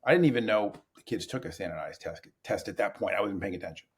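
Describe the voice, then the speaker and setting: A man's voice: lowish voice, quick pace, a little hiss or hum. A man who trains teachers, a guest on a podcast, telling stories in conversation and acting out the dialogue. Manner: animated, acts out dialogue in changing voices. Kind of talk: conversational storytelling.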